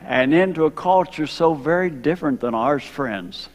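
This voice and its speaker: A man's voice: on the high side, expressive. Older man telling a missionary story. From Ohio. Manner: storytelling, slows for emphasis, engages kids. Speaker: retired missionary speaker. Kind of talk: missionary testimony in church. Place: church sanctuary. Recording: long hall reverb.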